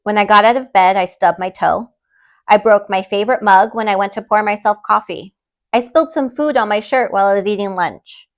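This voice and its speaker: A young woman hosting a podcast, reading listener stories aloud and chatting in an expressive, openly emotional way. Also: medium pitch. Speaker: podcast host.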